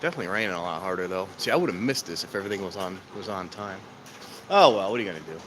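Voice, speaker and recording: Out of breath and racing along, a man with a low, expressive voice chats casually to viewers on a live stream. He films trains from an outdoor station platform and footbridge in the rain, talking to his audience between trains against a noisy background.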